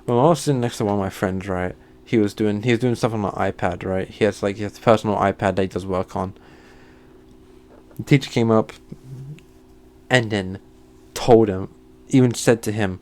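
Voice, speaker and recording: A man telling a heated storytime rant, swearing often and flaring into shouted outbursts before sighing and calming down. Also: fairly low pitch, fairly quick. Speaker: channel host. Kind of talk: ranting storytime monologue.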